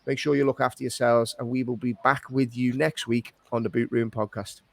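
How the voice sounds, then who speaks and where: A man hosts a laid-back podcast chat, his voice sitting at an ordinary middle pitch. He swears freely and talks in loose restarts. The sound is dry and close, with no room around it. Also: flat delivery, brisk, gravelly, dry recording. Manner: swears often, laughs along, rambling restarts. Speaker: podcast host. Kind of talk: casual chat with friends.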